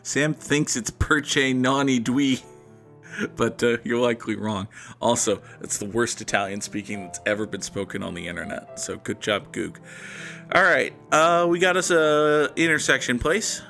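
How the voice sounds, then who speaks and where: A man's voice: mid-range voice, normal speed, gravelly, pushed and bright, soft background music. A man hosting a gaming channel, talking through a guessing game in a sarcastic, rambling, self-mocking way. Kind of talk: casual gameplay commentary.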